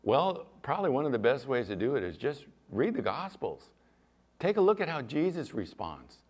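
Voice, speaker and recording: A male pastor preaching a sermon in church, animated, rising to loud emphasis and dropping to soft asides. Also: mid-range voice, normal speed, husky.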